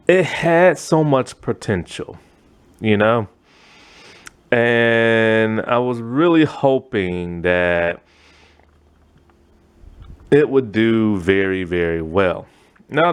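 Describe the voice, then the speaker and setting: A man giving a casual, rambling spoken movie review, full of fillers and asides. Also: medium pitch. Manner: rambling, fillers like "you know what I'm saying".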